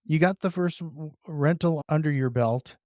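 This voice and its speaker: A man hosts the interview and asks short follow-up questions. His voice is a bit higher than usual for a man. The sound is dry, with no room echo. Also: normal speed, darkish tone. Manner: brief reactions and short questions. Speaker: interview host.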